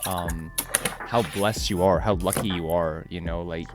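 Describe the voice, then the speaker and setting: A male podcast host with a lowish voice chats casually with his guest. He is animated and laughs easily, jumping up in volume when something excites him. Music plays clearly underneath. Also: unhurried. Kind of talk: casual interview chat.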